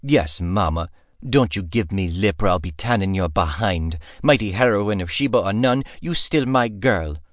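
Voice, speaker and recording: A man's voice: low-pitched, lively intonation, normal speed, no echo, clean studio sound. A man voicing a big, motherly older woman cook who scolds with affection and talks in folksy broken grammar. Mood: scolding, fond.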